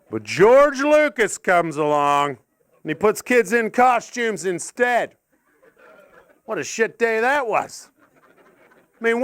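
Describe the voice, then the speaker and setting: A man's voice: sits high, a bit bright, smooth, no echo. A man from Canada doing stand-up at a live venue, rambling and self-mocking through absurd stories on a handheld mic. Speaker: stand-up comedian. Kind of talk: stand-up set.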